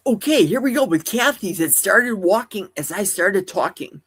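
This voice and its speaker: Woman livestream host, husky high voice, rambling musings full of rhetorical questions. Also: animated, moderate pace. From Wisconsin. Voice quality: high, youthful-sounding voice. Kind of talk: casual solo livestream chat. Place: at home in a forest.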